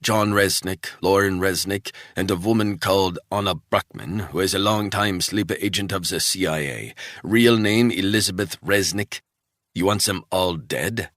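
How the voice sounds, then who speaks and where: A man voicing a wary, reluctant Swiss man who speaks quietly and doubtfully. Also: deep voice, normal speed, dry recording, studio quality. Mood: uneasy.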